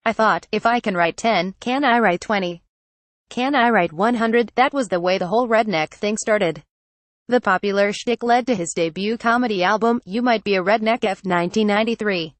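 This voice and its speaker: A woman's synthetic-sounding voice reads a news article aloud from start to finish, photo credits and quoted punctuation included. The delivery is flat and read-out, at a middle pitch. The sound is dry and close, with no room around it. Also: moderate pace, no room sound. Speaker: news reader. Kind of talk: text-to-speech article reading.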